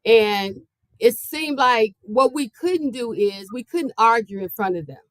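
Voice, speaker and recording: Middle-aged woman, earnest storyteller, fairly high voice, dry close sound, conversational podcast. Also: lively intonation, a little slow, a bit bright, no room sound. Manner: earnest, conversational, acts out quoted lines. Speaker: podcast host sharing her story. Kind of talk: personal storytelling.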